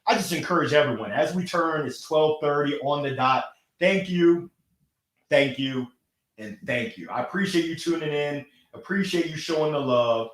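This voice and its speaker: An energetic man runs a live motivational stream, responding to viewer comments at a moderate pace. His voice leans high and he laughs a lot, speaking into a gold microphone in an echoey room.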